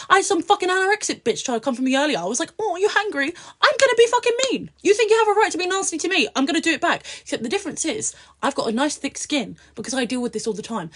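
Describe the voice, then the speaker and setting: A young British woman, an influencer guest, chatting bluntly and profanely on a podcast, swinging from low mutters to loud outbursts. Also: slightly rough. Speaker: social media influencer guest. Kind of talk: casual podcast chat.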